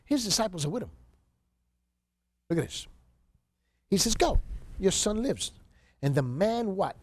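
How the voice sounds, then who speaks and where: A man's voice: sits high, big pitch swings, unhurried, pauses often. A man giving a seminary Bible lecture, reading scripture aloud and stressing key words with repeated rhetorical questions to the class.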